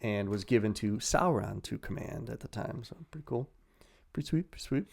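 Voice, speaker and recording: A podcast host casually retells fantasy lore, packing it with crude jokes and laughing often. His fairly low voice is gravelly yet a little mellow, animated and fairly quick.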